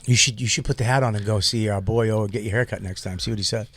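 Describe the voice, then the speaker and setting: A man's voice: fairly low pitch, steady tone, fast talker, a little hiss or hum. A man co-hosting a podcast in casual chat, teasing his friends and laughing often. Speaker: podcast co-host.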